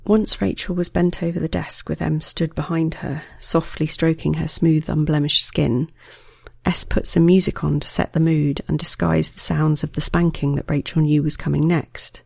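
A narrator with a gravelly, slightly creaky voice reads an erotic story at an unhurried, measured pace. The sound is dry and close, with no room around it. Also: medium pitch, level tone, darkish tone, no echo. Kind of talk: scripted erotic story reading.

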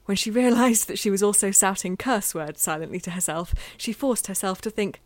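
A woman reading a novel aloud in a measured, intimate way, sometimes dropping to a near-whisper. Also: mid-range voice, dry recording. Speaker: audiobook narrator. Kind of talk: scripted fiction narration.

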